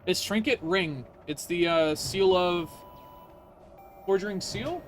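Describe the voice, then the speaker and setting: A man's voice: sits high, slow pace, soft background music. A man streaming a video game, ranting in casual, profane commentary.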